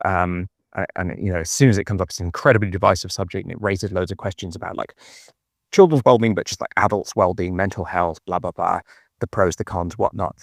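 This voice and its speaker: A man's voice: deep voice, fairly even intonation, quick pace, gravelly, no room sound, clean studio sound. An Irish man chatting and rambling in a phone voice note while walking outdoors. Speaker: podcast co-host. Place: park outdoors at dusk.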